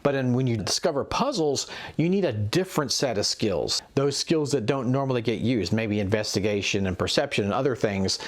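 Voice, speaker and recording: Lively, instructive man giving game advice. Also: medium pitch. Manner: measured, instructive. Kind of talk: explaining game tips.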